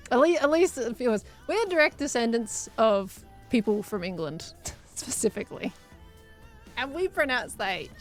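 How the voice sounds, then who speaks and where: Chatty young woman streamer, faint music. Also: high-pitched. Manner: chatty, laughs often, answers chat messages. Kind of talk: casual livestream chat.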